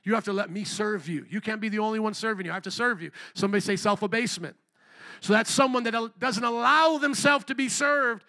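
A man preaching a sermon as pastor. He is animated, acts out little quoted voices, and calls out to the congregation. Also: high-pitched, fast.

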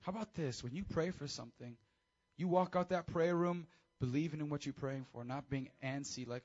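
A man preaching a casual, high-energy sermon to teenagers as youth pastor, with call-and-response. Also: brisk, hardly any pauses, darkish tone, dull audio.

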